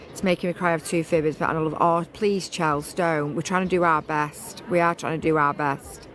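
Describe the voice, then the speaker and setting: A woman's voice: sits low, a bit bright, a little hiss or hum. A woman vlogging casually outdoors on a beach, talking in a rambling, chatty way with many restarts.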